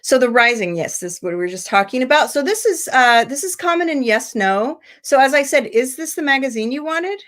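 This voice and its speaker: A woman's voice: fairly high pitch, animated, brisk, few pauses, a bit bright. An American woman teaching English intonation in an online seminar, explaining step by step with many fillers and restarts. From United States. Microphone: video call.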